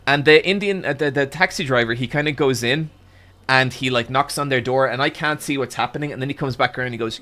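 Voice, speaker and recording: Swearing, animated young male storyteller. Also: medium pitch, brisk. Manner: animated, swearing, with frequent restarts and "I'm like" quotes. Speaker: streamer. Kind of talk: casual storytelling to a stream chat.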